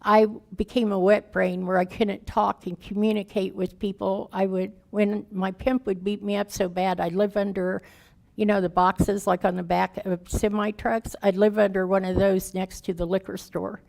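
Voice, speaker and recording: Gravelly-voiced woman giving raw testimony. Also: mid-range voice, level tone, normal speed, darkish tone. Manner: candid and plain-spoken, folksy grammar; emotional, raw storytelling. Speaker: guest speaker. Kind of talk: personal recovery testimony.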